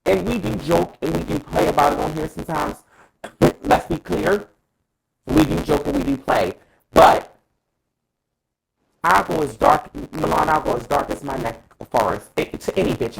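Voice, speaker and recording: Animated, gravelly man giving opinions. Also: on the high side, normal speed, low-quality recording. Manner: dramatic, emphatic, profane, addresses co-hosts by name. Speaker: co-host. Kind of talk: casual opinion talk.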